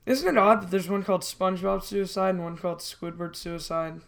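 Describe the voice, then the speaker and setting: A young woman co-hosting a casual podcast, reading a creepy internet story aloud in a halting way with restarts and self-corrections. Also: on the low side, gravelly. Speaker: podcast co-host.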